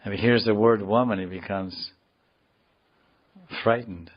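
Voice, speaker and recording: A man giving a scripture class, explaining words slowly in a digressive, joking way, heard in a dull lo-fi recording. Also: fairly low pitch, steady tone. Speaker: spiritual teacher.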